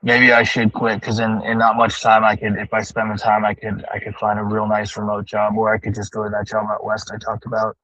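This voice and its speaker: A man's voice: fairly low pitch, completely flat delivery, fairly quick, hardly any pauses, sharp tone, no echo, lo-fi sound. A man livestreaming from his car on the drive home, rambling and ranting with heavy profanity as he talks to his chat. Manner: profane, ranting, thinking aloud. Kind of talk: casual rambling monologue.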